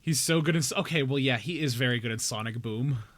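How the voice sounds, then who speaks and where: Streaming a game live, a young man with a mid-range, fairly bright voice talks quickly and casually to his viewers. He jokes around playfully, addressing chat directly and slipping into mock outrage.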